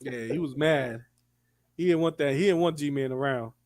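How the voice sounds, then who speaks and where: A man in casual chat, telling an animated story and acting out what other people said. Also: mid-range voice, moderate pace, no echo. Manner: animated storytelling, acts out quotes. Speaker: guest storyteller.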